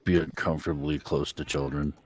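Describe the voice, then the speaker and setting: A man co-hosting a casual livestream chat, trading teasing deadpan jokes. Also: a bass voice, a little fast. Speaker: stream co-host.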